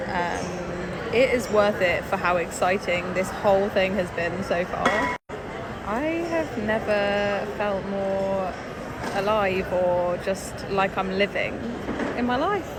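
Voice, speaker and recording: Excited young woman in a noisy airport. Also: medium pitch, slow. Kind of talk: casual selfie vlog.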